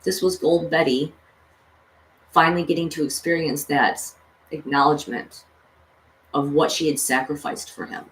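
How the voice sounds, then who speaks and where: A woman's voice: low-pitched, steady tone, moderate pace, long pauses. A woman vlogger casually retelling a cartoon story, rambling with lots of fillers. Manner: rambling, full of "you know" and "like". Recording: echoey room, distant mic, faint noise.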